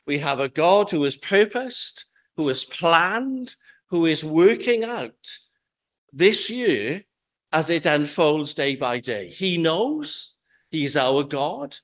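A man preaching a sermon in a church, slow and measured, leaning on key words for emphasis. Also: a little high, a bit bright. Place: church with pews.

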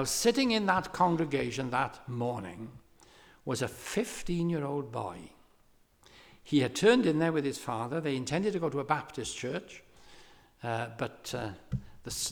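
A man preaching a sermon, telling a story with lively emphasis and pressing his hearers with questions. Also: mid-range voice, creaky. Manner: animated storytelling preacher, rising to impassioned exhortation. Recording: long hall reverb.

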